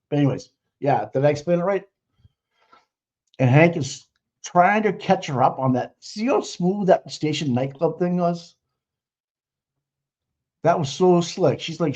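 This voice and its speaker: A man's voice: a little high, darkish tone. A man hosting a livestream, giving mocking, profane running commentary on trial footage. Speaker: livestream host. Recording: muffled lo-fi audio.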